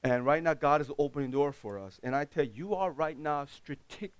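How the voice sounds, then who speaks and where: A man preaching a sermon as pastor, speaking with dropped articles and swinging between loud outbursts and quiet asides. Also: on the high side, normal speed, clean tone. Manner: plain broken English with dropped articles.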